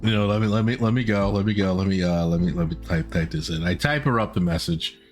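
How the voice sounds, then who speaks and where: A man hosting a stream, telling a story in a rambling, animated way with frequent laughs. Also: low-pitched, quick pace. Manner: animated, rambling, laughing often, swearing casually. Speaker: podcast and stream host. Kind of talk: casual storytelling chat. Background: faint background music.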